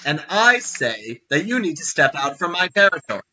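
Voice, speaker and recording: A man voicing a commanding female orc chieftain, loud, slow and domineering. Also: fairly high pitch, very animated, highs cut off, voice pushed up, full character voice.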